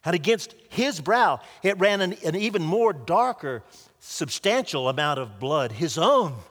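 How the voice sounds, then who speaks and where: A man's voice: fairly high pitch, big pitch swings, measured pace, a bit bright. A man preaching a sermon by retelling a story earnestly, with small restarts, in a large hall or church. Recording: long hall reverb.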